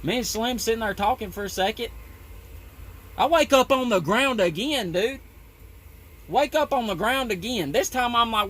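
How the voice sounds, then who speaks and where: A man's voice: extremely high pitch, lively intonation, moderate pace, pauses often, fairly bright tone, husky. A man who works on a tree-trimming crew, telling a story in a rambling, profane way with lots of "you know". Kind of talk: casual storytelling.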